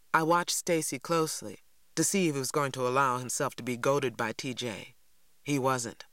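A man's voice: medium pitch, moderate pace, a bit bright, no echo. Man narrating an audiobook, dry sound. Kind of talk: scripted narration.

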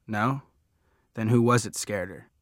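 A man reading an audiobook, voicing a prim, evasive old grandmother who speaks in a measured way. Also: fairly low pitch, no room sound, studio quality, natural voice.

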